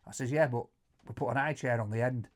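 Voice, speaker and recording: A middle-aged man with a Yorkshire accent telling stories in casual chat, animated, stumbling over repeated words and loudly acting out quotes. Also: mid-range voice, quick pace. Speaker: co-host answering viewer questions.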